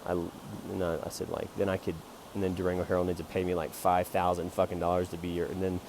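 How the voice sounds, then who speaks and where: A man with a somewhat low voice rambles through a jokey, self-promoting pitch for his photo prints. He swings from loud, excited bursts to quiet mutters, and faint vehicle noise hums behind him. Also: fast talker, gravelly, few pauses. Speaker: amateur photographer selling prints.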